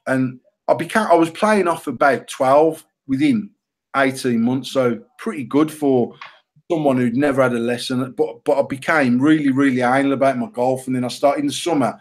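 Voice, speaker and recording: A middle-aged British man co-hosting a casual podcast, telling an animated, self-mocking story full of swearing. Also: medium pitch. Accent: British English. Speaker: podcast co-host.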